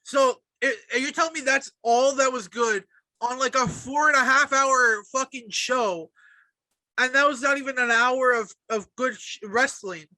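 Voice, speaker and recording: A man's voice: very high-pitched, unhurried, bright, forceful tone, dry recording. A man co-hosting a podcast, ranting heatedly and swearing freely in casual wrestling talk. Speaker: podcast co-host.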